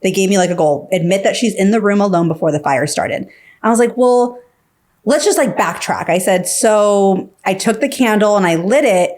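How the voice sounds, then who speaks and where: A woman's voice: medium pitch, fairly quick, darkish tone. A woman guest on a podcast, telling her story casually, full of fillers and acting out what others said. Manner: filler-heavy, acts out quoted dialogue.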